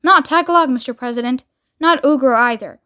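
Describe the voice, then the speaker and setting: A woman's voice: high voice, sharp tone, smooth, no room sound, clean studio sound. A woman voicing a nervous, deferential man who serves as the chief interpreter. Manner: hurried, timid.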